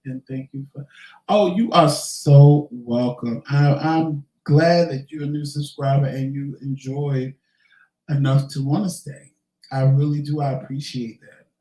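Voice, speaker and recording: A man's voice: medium pitch, little pitch movement, moderate pace, mellow, echoey room, poor audio. A man hosting a casual question-and-answer vlog, talking candidly and swearing now and then. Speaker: vlogger host. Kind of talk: casual Q&A chat.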